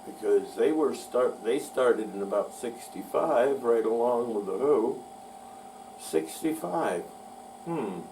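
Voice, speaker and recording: A man's voice: mid-range voice, expressive, takes it slowly, warm tone. A man hosting a show, talking about music history in a folksy, rambling way that pokes fun at himself. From United States. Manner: folksy, rambling, self-mocking. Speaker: podcast host. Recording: distant mic with faint mains hum.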